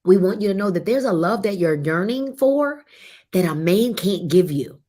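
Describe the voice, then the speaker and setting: A woman's voice: mid-range voice, animated, moderate pace. A woman hosting a live book club show, talking casually and slipping into an encouraging, preacher-like cadence. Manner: warm encouraging preacher cadence, sings briefly. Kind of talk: casual faith-filled talk, preaching at times.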